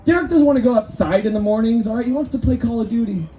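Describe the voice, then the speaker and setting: An extremely high-pitched, warm-toned man talks fast during his stand-up set. He's from Northern California, performing indoors at a restaurant comedy night and chatting with the audience in a meandering way.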